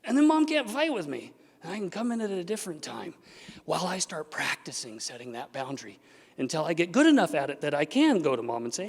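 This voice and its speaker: A man giving a symposium talk as a therapist, animated and acting out the voices he quotes. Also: on the high side, quick pace, slightly rough. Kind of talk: symposium presentation. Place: event hall. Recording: long reverb of a large hall.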